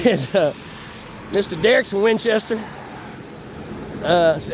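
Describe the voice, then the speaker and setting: A high-pitched man, talking on and on, swearing freely and chuckling between thoughts. He sounds worn down by constant pain, and faint traffic hums behind him outdoors. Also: expressive, slow. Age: 50s. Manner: profane, rambling, laughs between phrases. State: in chronic pain. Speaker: vlogger. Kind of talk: casual rambling monologue. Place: outdoors on an urban street.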